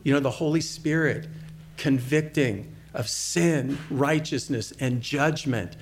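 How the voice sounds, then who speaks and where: A man's voice: mid-range voice, takes it slowly, slight background noise. A middle-aged man preaching a sermon, telling a personal story conversationally and asking the congregation questions. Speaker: pastor.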